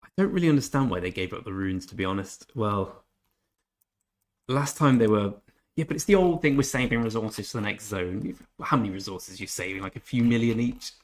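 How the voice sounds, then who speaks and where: A chatty man hosts a gaming live stream, talking to his viewers in a relaxed, everyday way. He drifts between greeting people in chat and quietly thinking aloud. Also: lowish voice, brisk. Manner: chatty, reads chat aloud, mutters to himself. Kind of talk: casual live-stream commentary.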